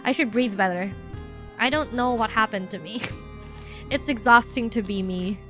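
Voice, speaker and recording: A woman's voice: a little high, normal speed, bright, forceful tone. Female streamer, casual chat, self-deprecating ramble, faint music bed. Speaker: VTuber streamer.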